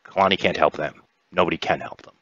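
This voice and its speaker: A man's voice: low voice, quick pace, a bit bright, husky, lo-fi sound. A man voicing a troubled, evasive male alien envoy who hesitates and stammers.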